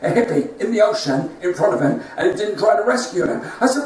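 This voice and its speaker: A man hosting a comedy show, spinning rambling anecdotal jokes in a high voice. He sounds far from the mic in a very echoey room, with faint noise behind him. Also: sing-song, a little fast, a little mellow. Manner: rambling anecdotal one-liners. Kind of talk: stand-up joke telling.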